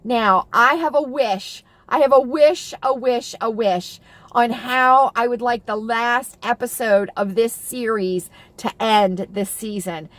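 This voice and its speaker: A woman's voice: fairly high pitch, takes it slowly, fairly bright tone, no room sound. A middle-aged woman vlogging in a casual, rambling chat, full of fillers and restarts and gushing with emotion. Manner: gushing and emotional about TV shows.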